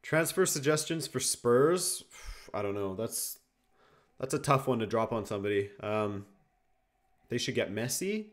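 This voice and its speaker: A young man from Canada hosts a live football watchalong, talking in an easygoing way as he reads out viewer questions. His voice sits at an ordinary middle pitch, and it picks up energy whenever the play heats up. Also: expressive, unhurried. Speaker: watchalong host. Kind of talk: casual live-stream chat and match commentary.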